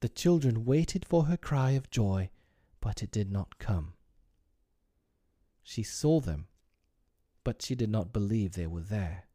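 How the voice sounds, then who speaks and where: A man narrating a storybook in an expressive, wry way. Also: fairly low pitch, slow pace, long pauses, no echo, studio quality.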